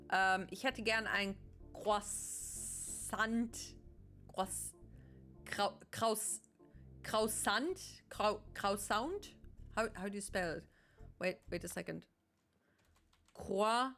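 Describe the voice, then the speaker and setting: German-accented woman, game streamer, slow, chatty self-corrections. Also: mid-range voice, fairly bright tone, faint music behind. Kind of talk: casual game commentary.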